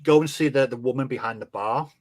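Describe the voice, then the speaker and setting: A man's voice: mid-range voice, fast. A British man hosting a casual podcast chat, hesitant, with many fillers and restarts. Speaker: podcast host.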